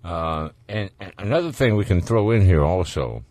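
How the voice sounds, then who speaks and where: A man's voice: sits low, expressive, normal speed, a little mellow, no echo. A man with a Southern US accent hosting a call-in radio show, talking in a folksy, rambling, jokey way. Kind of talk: casual radio talk.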